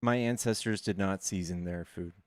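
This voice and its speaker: A man from the United States streaming, chatting casually and telling rambling, animated stories with plenty of swearing. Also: low voice, moderate pace, no echo, studio quality. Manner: rambling, animated storytelling with profanity. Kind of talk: casual chat.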